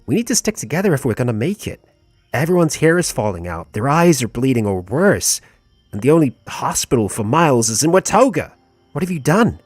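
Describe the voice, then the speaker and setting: A man's voice: mid-range voice, big pitch swings, a little fast, breathy edge, no echo, faint music behind, voice pushed up. A man reading out a letter in character as a furious, frightened woman, speaking in a raised, accusing voice. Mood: angry.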